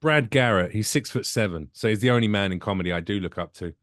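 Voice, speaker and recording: A man's voice: fairly low pitch, fast, dry recording, clean studio sound. A man from the UK, a comedian telling jokey stories in a casual chat and acting out the people in them. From United Kingdom. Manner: animated, jokey, acts out voices in his stories. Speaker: comedian guest.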